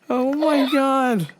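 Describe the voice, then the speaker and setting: A woman's voice: sits high, very noisy. A woman hosting a podcast, telling a story casually with plenty of swearing and acting out both sides of an argument. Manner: profane, exasperated retelling; acts out both sides of a quarrel. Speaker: podcast host.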